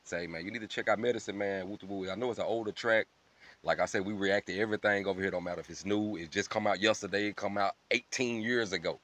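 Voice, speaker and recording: A man hosting a reaction channel, chatting casually and directly to his viewers with slangy, profane, animated talk and frequent laughter. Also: lowish voice, quick pace. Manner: addresses viewers as family. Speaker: reaction video host.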